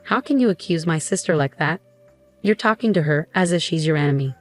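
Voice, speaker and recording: A demanding husband who blames and brushes off others, read by a woman in her usual voice. The tone is low for a woman and stays dismissive. Soft music plays faintly underneath. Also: lively intonation, fairly quick. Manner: accusing, dismissive. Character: resentful demanding young-adult husband.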